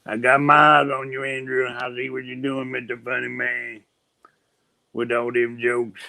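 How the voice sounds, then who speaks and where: A man's voice: medium pitch, monotone, moderate pace, gravelly, pushed and bright, no room sound, rough recording. A man, co-hosting a livestream in playful, folksy banter. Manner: playful teasing, folksy drawl. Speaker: livestream co-host. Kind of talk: casual livestream chat.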